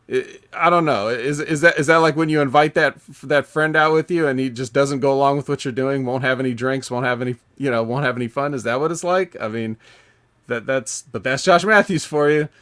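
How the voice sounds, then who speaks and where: A man hosting a casual podcast, talking in a rambling, halting way with many fillers and restarts. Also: fairly high pitch, fairly bright tone. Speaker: podcast host.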